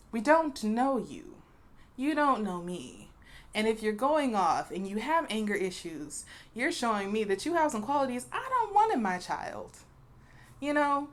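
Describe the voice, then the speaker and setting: This vlog features a young adult woman with a medium-pitched, slightly bright voice who speaks to the camera with blunt candor. She addresses viewers as "y'all" and lets out an occasional cough as she gives her opinions.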